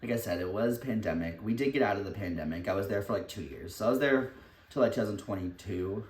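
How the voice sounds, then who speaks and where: A man's voice: fairly low pitch, quick pace, a little mellow. Candid young man chatting in an echoey kitchen. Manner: candid, rambling, laughs often, swears casually. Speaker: vlogger. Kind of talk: casual confessional chat while baking. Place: home kitchen, indoors. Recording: echoey room, distant mic.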